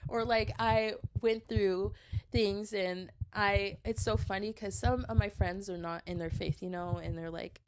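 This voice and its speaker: A woman's voice: mid-range voice, steady tone, unhurried, slight background noise. A young woman in her twenties hosting a podcast, talking candidly and earnestly, with many "like"s and "um"s. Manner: earnest, confessional, many fillers like "like" and "um". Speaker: podcast host. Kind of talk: candid personal podcast talk.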